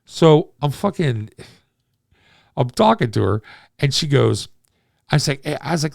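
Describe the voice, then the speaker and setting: A man's voice: on the high side, big pitch swings, unhurried, creaky, long pauses, no echo, clean studio sound. A man in his forties telling a rambling, profane dating story as a casual monologue. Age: 40s. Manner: rambling, profane, self-deprecating.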